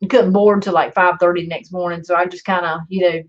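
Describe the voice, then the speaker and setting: A woman's voice: on the low side, flat delivery, quick pace. A woman telling a story in a rambling, sarcastic way and swearing often, in a slightly dull lo-fi recording. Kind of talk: casual storytelling vlog.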